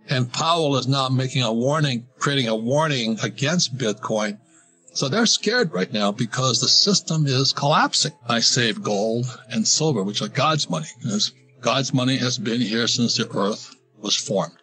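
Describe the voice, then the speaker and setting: A man's voice: medium pitch, normal speed, sharp tone, faint music behind. An older man talking in a casual interview, rambling with restarts while telling anecdotes. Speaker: guest, financial author.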